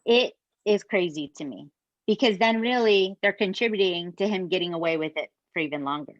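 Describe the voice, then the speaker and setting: A woman, co-hosting a podcast and retelling a true crime story in an animated, casual way that includes swearing. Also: fairly low pitch, brisk, dry recording, dull audio. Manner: animated, swears, addresses listeners as "you guys". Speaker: podcast co-host.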